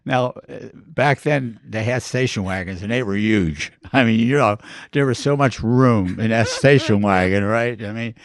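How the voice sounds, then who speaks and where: A man's voice: on the low side, normal speed, no room sound, studio quality. An older man, a grandfather guest, telling funny stories casually, laughing often and acting out quoted voices. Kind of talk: casual storytelling.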